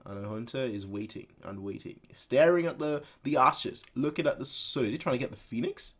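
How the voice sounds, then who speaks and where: A man hosting a casual reaction video who reads a manga aloud and makes his own sound effects in an animated way. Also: mid-range voice, a little fast, breathy edge. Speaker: reaction channel host.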